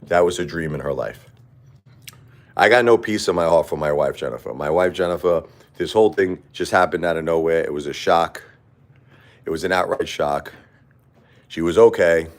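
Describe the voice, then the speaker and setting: A middle-aged man hosting a livestream, talking unscripted in a quiet, halting way and often repeating himself. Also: low voice. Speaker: livestream host. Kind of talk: unscripted personal monologue.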